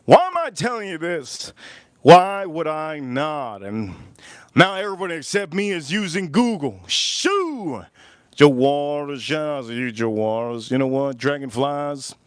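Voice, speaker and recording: A man's voice: a little high, very animated, a little slow, smooth, no room sound. A man hosting a casual cooking livestream outdoors at a grill. He jokes loosely and reads viewer messages aloud. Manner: loose, joking, talks to chat and reads super chats aloud. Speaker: livestream host.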